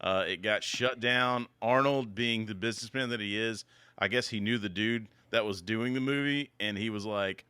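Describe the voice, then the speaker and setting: A male podcast host talks in a loose, joking way. His voice is bright and crisp. The sound is close and dry. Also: lowish voice, steady tone, normal speed, dry recording. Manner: laid-back, loose and joking. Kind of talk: casual chat.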